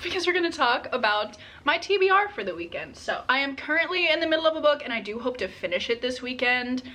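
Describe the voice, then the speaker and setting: Bright, giggly woman book vlogger. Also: fairly high pitch. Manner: gushing and giggly, often breaking into laughs and gasps. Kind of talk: casual reading vlog chat.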